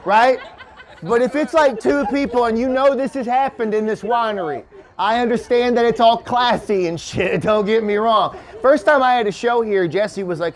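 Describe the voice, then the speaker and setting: A man's voice: sits high, moderate pace. A man from Kentucky doing a loose, profane stand-up set at a winery, chatting with the crowd and laughing at his own jokes. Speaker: stand-up comedian. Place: winery comedy show before a live audience. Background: audience laughter.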